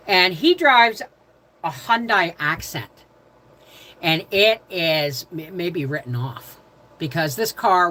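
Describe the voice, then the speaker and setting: A woman's voice: on the low side, poor audio. An older woman hosting a casual live stream from home, greeting viewers by name and telling rambling stories. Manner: quiet prayerful tone. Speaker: livestream host.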